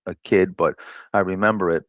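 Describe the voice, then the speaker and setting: A man being interviewed as a trader, thinking aloud in a measured way with fillers and restarts. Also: sits low, steady tone, a bit bright, dry recording. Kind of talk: reflective interview talk. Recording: dull lo-fi clip played back.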